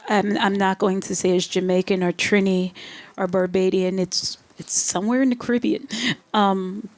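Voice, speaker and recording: A woman's voice: mid-range voice, steady tone, normal speed, dry recording. A woman poet at a live reading event answering audience questions in a loose, playful way. She laughs often and repeats words while she thinks.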